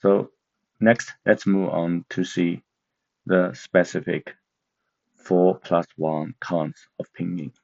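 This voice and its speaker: A man's voice: sits low, steady tone, takes it slowly, creaky, darkish tone. A man teaching an online language lesson, speaking with many hesitant filler sounds. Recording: dull lo-fi sound.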